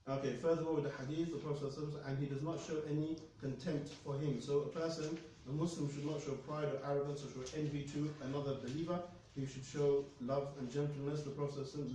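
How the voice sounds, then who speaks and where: A man teaching a hadith lesson to a class in a lively, conversational way, often checking in with "okay?". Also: a little high, fast, very echoey, distant mic, slight background noise, poor audio. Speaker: Islamic studies teacher.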